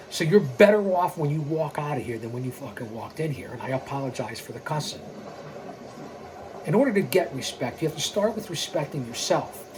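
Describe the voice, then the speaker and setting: A man's voice: on the high side, slight background noise, rough recording. Brash wrestling-style man hosting his show. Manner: brash boastful promo patter. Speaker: YouTube show host. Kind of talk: wrestling-persona monologue. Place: underground bunker studio.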